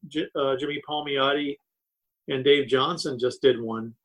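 Male comics creator, casual podcast chat, mid-range pitch, halting with many fillers. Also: fairly even intonation, a bit bright, poor audio. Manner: chatty, halting with fillers and restarts.

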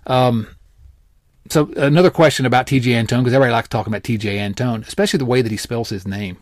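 A man's voice: medium pitch, fast talker, dry recording, studio quality. A man co-hosting a casual sports podcast, rambling with fillers and teasing his partner. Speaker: podcast co-host.

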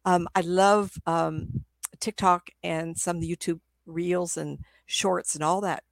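A woman's voice: on the low side, fairly even intonation, takes it slowly, vocal fry, dry recording. Rambling middle-aged woman, dry close sound. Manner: rambling, laughs often, acts out quoted voices. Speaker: psychic medium. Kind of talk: casual storytelling talk.

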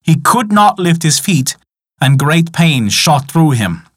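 A man narrating a folk tale in an expressive, dramatic storytelling style. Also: a little high, slow, husky, no room sound, clean studio sound.

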